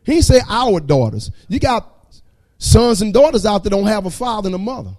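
A man's voice: high-pitched, sing-song, normal speed, a little mellow. A man giving a fervent church testimony with a repetitive preaching cadence.

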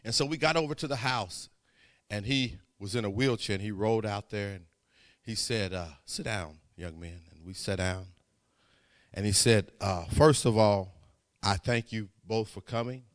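A man preaching, telling a story in a sermon, swinging from quiet asides to shouting. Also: lowish voice, moderate pace. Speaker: pastor.

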